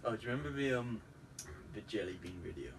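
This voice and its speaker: A young man, chatting casually with a friend and telling stories in an animated way. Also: on the low side, quick pace. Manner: animated storyteller, acts out quotes. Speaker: host. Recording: distant mic with faint background noise.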